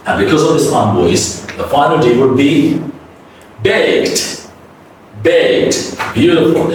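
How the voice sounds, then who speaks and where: A man teaching English pronunciation, drilling words slowly and repeating each one for students to say after him. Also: mid-range voice. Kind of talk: classroom pronunciation lesson. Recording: roomy echo, voice from a distance, faint noise.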